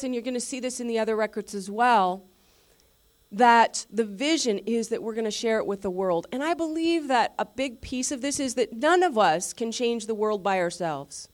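Lively woman pastor, higher voice. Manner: lively, conversational, asks the audience questions; restarts and self-corrections. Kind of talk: sermon teaching.

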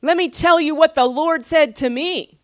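A woman voicing an exasperated old male prophet, sarcastic and stern in sharp outbursts. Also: sits high, normal speed, no echo, clean studio sound, pitched above the performer's own voice, close to an everyday voice.

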